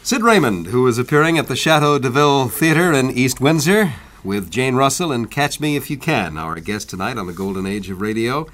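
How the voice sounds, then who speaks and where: A man's voice: mid-range voice, expressive, brisk, hardly any pauses, a bit bright. Hesitant male radio host. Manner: hesitant, uh-filled, supportive interjections. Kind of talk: radio interview hosting.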